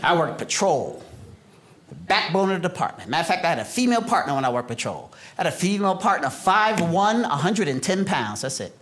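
A middle-aged man doing a stand-up comedy set on a club stage, working the crowd with lively, animated delivery while fighting off a cold. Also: a little high, a little fast. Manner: animated crowd work with character voices. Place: comedy club stage before a live audience. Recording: live club recording with loud crowd noise.

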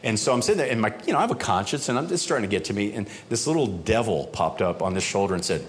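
A man's voice: on the low side, fast, hardly any pauses, background noise. A man doing stand-up, telling a self-mocking story and acting out the people in it, before an audience on a live stage. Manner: animated, self-mocking, acts out voices. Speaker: stand-up comedian.

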